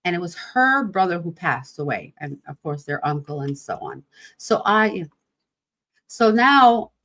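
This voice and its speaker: A woman's voice: on the low side, very animated, a little slow, a bit bright. A woman in her fifties hosting a podcast, talking casually about grief in a rambling, emphatic way full of rhetorical questions. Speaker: podcast host.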